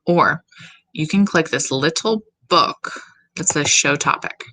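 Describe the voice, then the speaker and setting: A woman music teacher giving slow, step-by-step instructions in a recorded tutorial for her students. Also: low-pitched, sharp tone, rough recording.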